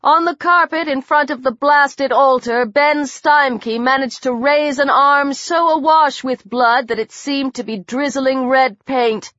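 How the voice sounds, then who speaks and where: Slow, deliberate female horror narrator. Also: high voice, fairly bright tone, dry recording. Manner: measured, dramatic horror reading. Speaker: audiobook narrator. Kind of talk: scripted narration. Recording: dull dry audiobook recording.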